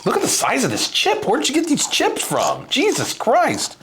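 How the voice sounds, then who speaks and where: A man's voice: extremely high pitch, wildly swooping pitch, normal speed, noisy background. A man hosting a casual snack-tasting video, joking and complaining in an exaggerated way. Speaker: channel host tasting snacks.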